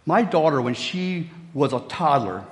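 A man's voice: on the high side, sing-song, measured pace, big-room sound. A middle-aged man from Virginia, preaching a sermon in a folksy storytelling way with jokey asides. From West Virginia, USA. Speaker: pastor.

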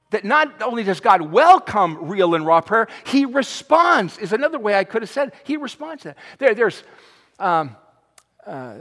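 A male pastor delivers an impassioned sermon in a high, ringing voice. He builds to loud cries, then drops to a hushed near-murmur. The sound carries a long reverb from a large church sanctuary. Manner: impassioned, swings from shouting to hushed.

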